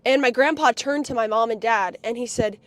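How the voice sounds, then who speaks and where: A woman telling a story on a live stream in a profane, angry rant that often breaks into shouting. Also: fairly high pitch, a little fast, dry recording. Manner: foul-mouthed, angry, swings into shouting.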